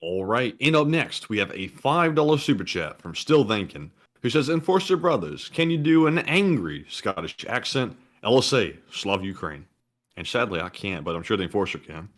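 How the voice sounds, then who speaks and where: Lively laid-back man co-hosting. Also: lowish voice, normal speed. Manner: laid-back, easy, chuckling. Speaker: co-host reading viewer chats. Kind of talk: livestream chat.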